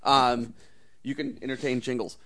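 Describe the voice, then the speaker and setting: 40s dude, excited, trips over his words a lot, casual banter. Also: mid-range voice, normal speed. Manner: enthusiastic, stumbles and repeats words. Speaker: podcast co-host. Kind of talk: casual chat.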